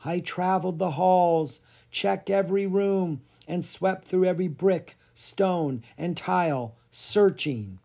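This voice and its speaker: A storybook reader voicing a mournful, restless female ghost with a wailing, drawn-out delivery. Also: mid-range voice, creaky, mellow, pitched above the performer's own voice.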